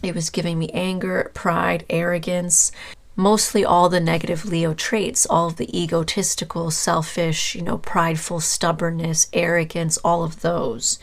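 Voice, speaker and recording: A woman with a somewhat low voice gives a casual tarot reading and speaks directly to her viewer. She rambles in a loose, conversational way and often stops with fillers to hunt for the right word. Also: level tone, measured pace, vocal fry. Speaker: tarot reader.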